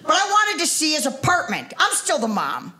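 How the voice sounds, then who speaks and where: A woman's voice: high-pitched, wildly swooping pitch, moderate pace, crowd noise. An older woman performing a stand-up comedy set, chatting with the audience and teasing them. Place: comedy club stage before a live audience.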